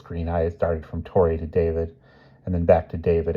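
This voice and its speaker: A man calmly reading a novel chapter aloud. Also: low-pitched, moderate pace, muffled recording. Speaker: reader.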